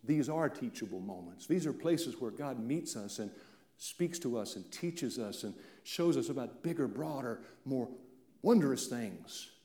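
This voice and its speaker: A male pastor from central Appalachia preaching a sermon, swinging from loud declarations down to hushed, almost whispered lines. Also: mid-range voice, expressive, a little slow. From central Appalachia, Virginia and eastern Kentucky. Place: church sanctuary. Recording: echoey church room.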